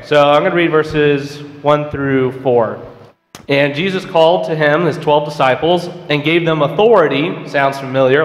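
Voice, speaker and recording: A man's voice: medium pitch, a bit bright. A man leading a church Bible class, chatting with the class, asking questions and reading scripture aloud. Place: church auditorium. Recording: roomy hall with long reverb.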